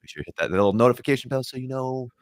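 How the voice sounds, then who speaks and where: A man's voice: medium pitch, animated, racing, dry recording, clean studio sound. A man co-hosting a tech podcast, upbeat and casual, laughing often as he talks through the news. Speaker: podcast co-host.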